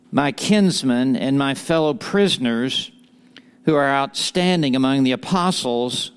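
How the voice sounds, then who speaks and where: A man leads a morning Bible study, opening with a prayer before teaching. His voice is smooth and resonant, and he speaks slowly and earnestly, now and then easing into a light joking aside. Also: medium pitch. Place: live morning gathering with an audience.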